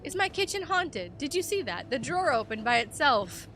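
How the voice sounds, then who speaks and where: A woman streaming a video game, commenting live and reading the game text aloud, animated and joking, swearing freely. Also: sits high, normal speed, slight background noise. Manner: animated, swears freely, jokes and reacts loudly.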